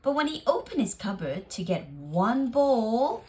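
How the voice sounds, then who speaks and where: A woman reading a children's picture book aloud, very expressive and lingering on phrases. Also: a little high, measured pace, hardly any pauses. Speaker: storyteller.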